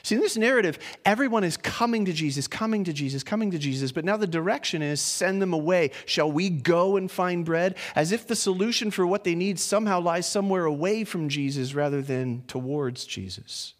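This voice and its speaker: A man with a high voice gives a relaxed, chatty sermon, going through a text verse by verse. He often repeats a word as he gathers his thought and keeps asking his listeners direct questions. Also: a little fast, hardly any pauses. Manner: informal, repeats words as he thinks, asks listeners questions. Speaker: preacher. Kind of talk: conversational expository sermon.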